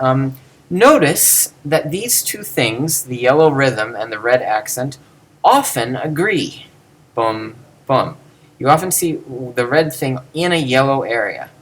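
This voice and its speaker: A man's voice: mid-range voice, a bit bright, poor audio. A man giving a screen-recorded lesson, patiently explaining step by step. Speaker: teacher explaining ancient Greek verse.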